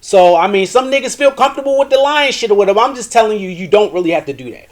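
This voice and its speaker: A man with a notably high voice holds forth on a live show from his porch. He talks bluntly and profanely, in a preachy and casual way. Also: animated, quick pace. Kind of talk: casual commentary on relationships. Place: porch, outdoors.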